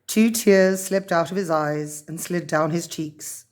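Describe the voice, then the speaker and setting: A woman's voice: on the low side, measured pace, a little mellow. Woman reading a children's story aloud.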